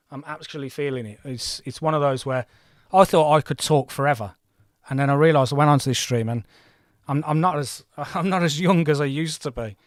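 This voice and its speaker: Slightly high-voiced, this forties-aged host rambles through casual commentary on his gaming livestream, often joking at his own expense. The audio is studio quality with no echo.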